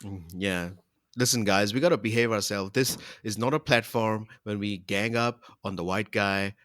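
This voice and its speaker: A man's voice: on the low side, fairly even intonation, moderate pace, fairly bright tone, no room sound. A man co-hosting a casual podcast from home over a call, joking, laughing and swearing as he chats. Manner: swearing, laughing, jokey banter. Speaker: podcast co-host. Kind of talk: casual chat.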